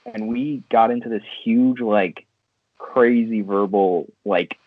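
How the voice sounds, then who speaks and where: A man's voice: lowish voice, slow pace, dry recording. A man calling in as a podcast guest, telling a story in a laid-back way with some laughs. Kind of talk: casual chat. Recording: tinny phone-like remote line.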